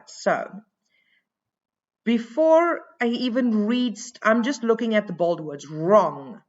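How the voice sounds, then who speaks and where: A woman teacher talks slowly through a recorded lesson, thinking aloud and filling her pauses with "um". Her voice sits at an ordinary pitch. The sound is a bit dull and lo-fi. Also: fairly bright tone. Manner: slow, thinking aloud with many fillers.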